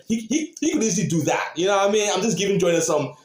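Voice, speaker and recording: A man hosting a reaction video, talking casually and excitedly to his viewers and repeating his points. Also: high voice, fast talker, hardly any pauses. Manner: animated, repeats phrases, talks to viewers. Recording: roomy echo.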